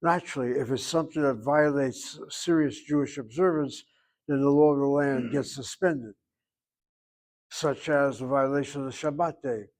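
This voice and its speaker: A man's voice: medium pitch, moderate pace, a little mellow. An older man teaching a Hebrew class, joking and digressing, then patiently correcting a student's pronunciation. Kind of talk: online class instruction.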